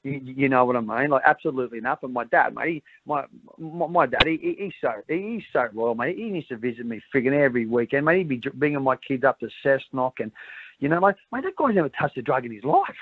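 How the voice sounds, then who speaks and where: A man's voice: mid-range voice, animated, fast talker, slight background noise. A middle-aged man with an Australian accent, talking candidly as an interview guest, rambling and repeating words as he says "mate" over and over. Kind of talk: candid conversation. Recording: dry tinny phone-like sound.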